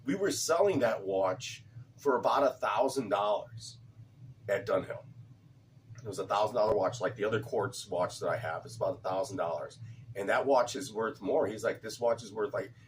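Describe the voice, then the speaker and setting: A man's voice: lowish voice, normal speed, distant mic, slight background noise. A man chatting casually in a vlog, rambling, repeating words and swearing now and then. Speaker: cigar vlogger. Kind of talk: casual chat.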